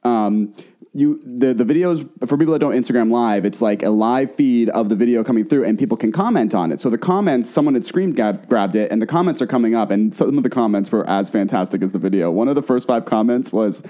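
A man co-hosting a comedy podcast, telling a gossip story in an animated way and laughing often. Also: medium pitch, fairly quick. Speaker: podcast co-host.

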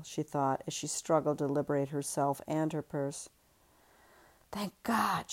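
A woman, an author and podcast host, reading her own novel aloud in a measured, steady voice. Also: low voice.

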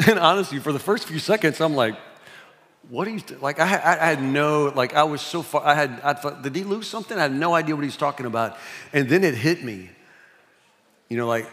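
A man's voice: medium pitch, brisk, a bit bright. A man, preaching a sermon in a folksy, self-mocking storytelling way. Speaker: pastor. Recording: long hall reverb.

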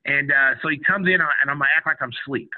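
A middle-aged former college basketball player tells a story on a radio show, speaking fast in a fairly high voice. He's animated and acts out other people's quotes, and the audio sounds tinny, like a phone line.

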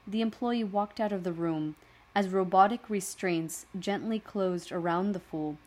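A woman storyteller reading a dark science-fiction tale in a calm, measured way. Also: lowish voice. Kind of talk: scripted narration.

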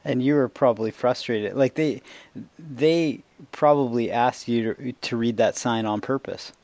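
A man's voice: medium pitch, a little slow, darkish tone, dry recording. A man interviewing a guest in casual conversation, prompting with questions and laughing along.

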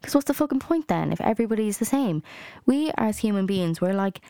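A woman's voice: medium pitch, expressive, fairly quick, dark tone, no echo, clean studio sound. A young adult woman hosting a solo podcast, ranting in a heated way with lots of swearing and "like" fillers. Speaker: podcast host.

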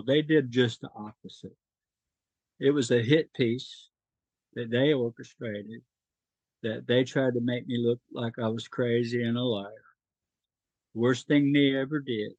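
A man's voice: mid-range voice, darkish tone, slightly rough, no echo, low-quality recording. A middle-aged man from North Carolina, a podcast guest telling his life story in an emotional, earnest way.

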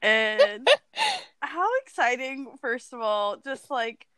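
A woman's voice: a little high, animated, takes it slowly, pushed and bright, smooth, no echo. A woman co-hosting a podcast in casual chat, gushing and laughing often. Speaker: podcast co-host.

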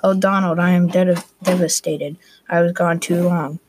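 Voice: medium pitch, fairly even intonation, normal speed, a little hiss or hum, close to an everyday voice, low-quality recording. A student reading the lines of a worried medieval merchant father aloud, in a plain voice with small restarts. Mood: grieving. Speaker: student reader. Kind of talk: reading a class story aloud.

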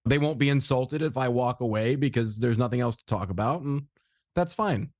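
Man in his thirties, podcast host, mid pitch, dry close sound, easygoing and affirming. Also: moderate pace, darkish tone, no room sound. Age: 30s. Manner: easygoing, affirming, laughs often. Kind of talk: casual podcast chat.

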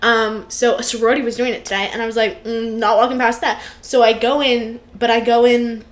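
High-voiced young woman, wry chat. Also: flat delivery, fairly quick. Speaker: podcast co-host. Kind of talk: casual chat.

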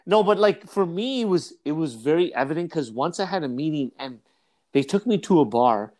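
A man in casual podcast chat, a salesperson telling jokey stories with an animated delivery. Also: moderate pace. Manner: animated joking storyteller, swings pitch widely.

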